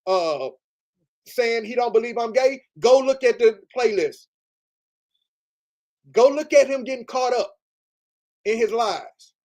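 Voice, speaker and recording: A man's voice: extremely high pitch, expressive, slow, long pauses, a little mellow. A man hosting a livestream, ranting in a heated, profane, repetitive way. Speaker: livestream host. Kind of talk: livestream rant.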